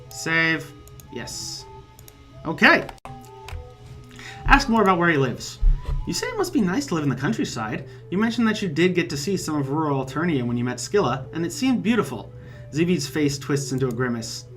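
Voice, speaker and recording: Dude reading through a visual novel with dry jokey asides, soft game music under him. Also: male voice, a little high, big pitch swings, moderate pace, pauses often. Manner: wry, joking asides. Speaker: let's play host.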